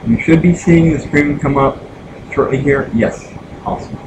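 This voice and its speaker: A man's voice: on the high side, fairly even intonation, normal speed, noisy background. A man from the United States chatting casually while streaming retro games, rambling with lots of fillers and restarts. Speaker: gaming streamer. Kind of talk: casual live-stream chat.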